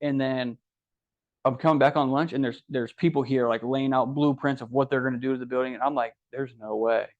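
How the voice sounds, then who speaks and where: A man's voice: medium pitch, fairly quick. A young adult man from Ohio, a podcast guest, tells his story casually and acts out what others said. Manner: animated, acts out quoted dialogue. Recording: dull lo-fi podcast audio.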